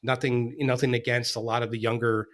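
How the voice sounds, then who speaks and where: A man's voice: mid-range voice, flat delivery, fairly quick, a bit bright. A man hosting a podcast in casual chat, speaking earnestly and with nostalgia.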